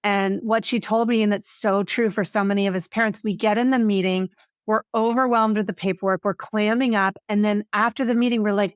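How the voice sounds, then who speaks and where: Animated woman advocate telling a story. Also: mid-range voice, brisk, clear, resonant tone, no room sound, studio quality. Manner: animated, acts out quoted voices. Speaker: education advocate, interview guest. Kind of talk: interview storytelling.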